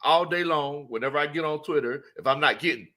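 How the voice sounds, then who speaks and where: Male stream host, higher voice, lively, laughs a lot, greets viewers by name. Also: brisk. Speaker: sports talk host. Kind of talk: casual live-stream chat.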